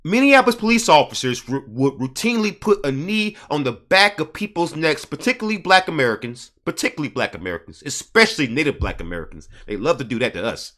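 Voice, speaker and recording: Bright high-voiced indignant man. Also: big pitch swings, fairly quick, hardly any pauses. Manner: indignant, repetitive emphasis; reads aloud from an article. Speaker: commentator. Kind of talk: casual commentary.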